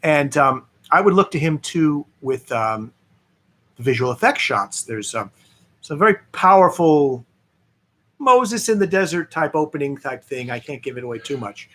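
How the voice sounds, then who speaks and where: A man, a film director, chatting as a guest and telling lively anecdotes with many fillers. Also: fairly high pitch, normal speed. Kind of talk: interview storytelling.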